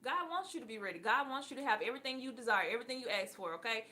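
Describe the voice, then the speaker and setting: Woman, bright voice, casual live-stream reading, preachy, profane, laughs often. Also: on the high side, lively intonation, very fast. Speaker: online spiritual reader.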